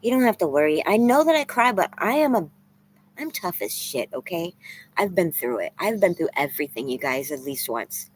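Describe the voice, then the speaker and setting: A woman's voice: fairly low pitch, sing-song, moderate pace, breathy edge, rough recording. A woman around forty-two, tearful and candid, rambling in a casual vlog with some swearing. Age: 40s. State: crying. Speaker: vlogger. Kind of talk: emotional casual vlog talk, reading chat.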